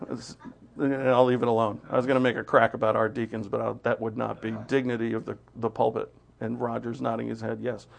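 A male pastor delivers a sermon from the pulpit in a church. His voice sits in a middle pitch, and he breaks up the teaching with playful asides to the congregation and lively emphasis. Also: vocal fry. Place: church sanctuary.

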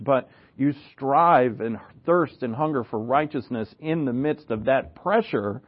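A man's voice: medium pitch, phone-quality sound. A man preaching a sermon in an earnest, conversational way, with asides and rhetorical questions. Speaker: pastor.

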